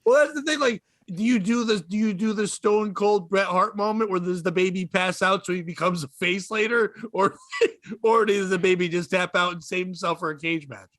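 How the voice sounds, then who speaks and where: High-voiced laughing man. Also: normal speed, no room sound, clean studio sound. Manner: excitable, laughs often. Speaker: podcast guest. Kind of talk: casual comedic banter.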